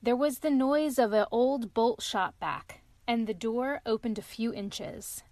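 A mother hosting a show and reading a bedtime story aloud in a calm, steady way. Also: on the high side, unhurried, dry recording.

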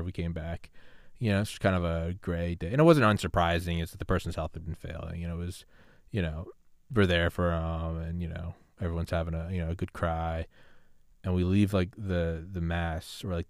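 A man's voice: sits low, little pitch movement, a little fast, no echo, studio quality. A man hosting a podcast, chatting in a rambling, laid-back way with lots of fillers. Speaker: podcast host. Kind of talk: casual chat.

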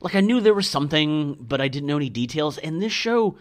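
A man co-hosting a podcast, chatting casually with quick, playful banter. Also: fairly high pitch, expressive. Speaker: podcast co-host. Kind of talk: casual chat.

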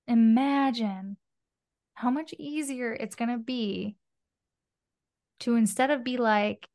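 In a casual podcast interview, the guest, a spiritual mentor, speaks slowly with long pauses, her voice fairly high. She's expressive, swears from time to time and dramatizes her inner voices.

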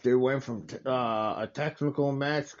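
A man's voice: mid-range voice, moderate pace, dull audio. A man hosting a casual wrestling watch-along, talking over the match in a rambling, enthusiastic way and correcting himself often.

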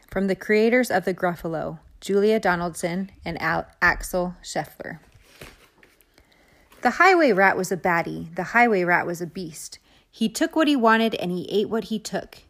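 A woman reads a children's picture book aloud with an expressive, rhythmic delivery. Her voice sits on the lower side for a woman. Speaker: storybook reader.

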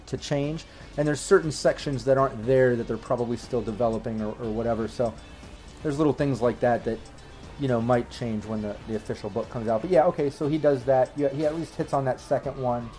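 A man running a tabletop game as game master, with a voice of average pitch. He talks in a relaxed, rambling way and fills his sentences with ums and uhs. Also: a little fast, soft background music. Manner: easygoing, rambling, many fillers.

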